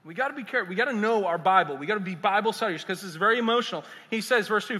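A man, a pastor preaching a sermon in an animated, conversational and humorous way. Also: high-pitched, very fast, few pauses. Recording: echoey hall.

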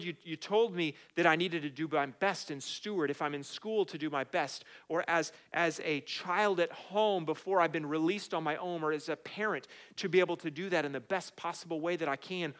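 A middle-aged man delivers a sermon in an easy, conversational way, slipping into personal anecdotes as he goes. His voice sits a touch higher than most men's. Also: fairly bright tone. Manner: conversational preaching with storytelling asides. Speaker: pastor.

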